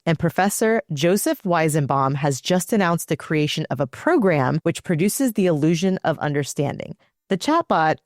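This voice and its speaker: A woman co-hosts a tech podcast in an upbeat, chatty way and reads a scripted segment. Her voice sits a little low, and the studio sound is dry and close. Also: a little mellow, no room sound. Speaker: podcast co-host.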